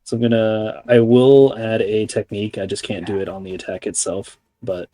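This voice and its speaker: A man's voice: fairly low pitch, flat delivery, normal speed, dark tone, no echo, studio quality. A man playing a tabletop game who talks casually and hesitantly, with many fillers. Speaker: player.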